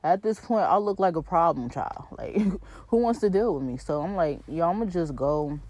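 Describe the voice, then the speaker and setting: A woman in her twenties with a New York accent, hosting her podcast and telling a story in a slangy, animated way, speaking straight to her listeners. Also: fairly low pitch, normal speed, no echo. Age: 20s. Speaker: podcast host. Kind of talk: casual storytelling rant.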